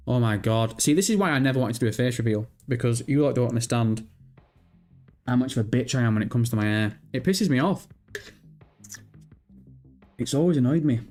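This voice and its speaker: A man's voice: mid-range voice, expressive, a little fast, long pauses, darkish tone, soft background music. A man hosting a live stream, casually chatting and reading out viewer messages with self-mocking, sweary banter. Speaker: livestream host.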